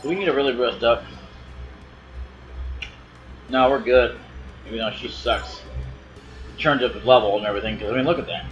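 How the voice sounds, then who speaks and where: A man's voice: mid-range voice, moderate pace, long pauses. Rambling young man narrating gameplay. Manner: rambling, offhand, mumbling asides. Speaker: let's play gamer. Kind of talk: casual gameplay commentary. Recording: dull lo-fi with game music.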